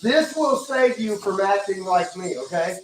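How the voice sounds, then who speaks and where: A man's voice: high voice, expressive, measured pace. A man hosting a casual livestream, joking, cursing and reading out viewer comments. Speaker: livestream host. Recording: echoey room, mic far off, music behind.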